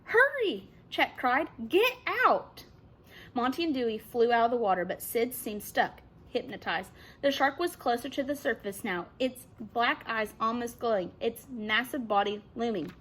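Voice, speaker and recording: A woman teacher reading a children's novel aloud with expressive narration. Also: fairly high pitch, moderate pace, hardly any pauses.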